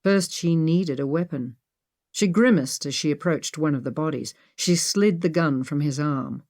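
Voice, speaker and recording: A woman narrating an adventure audiobook in a steady, measured way. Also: deep voice. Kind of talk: scripted narration.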